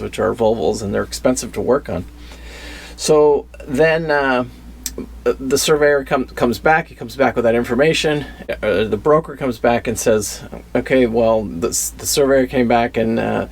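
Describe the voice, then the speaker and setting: Gravelly-voiced man rambling through a story. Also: medium pitch. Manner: rambling, with many fillers and restarts. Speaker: vlogger. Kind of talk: casual storytelling vlog.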